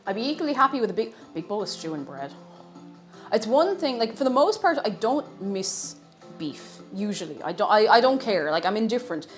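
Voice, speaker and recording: A woman chats casually to her live-stream audience while cooking. Her pitch swings up and down freely as she jokes, restarts and trails off mid-thought. Faint music plays underneath. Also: very animated, a little fast. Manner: chatty, self-interrupting, playful.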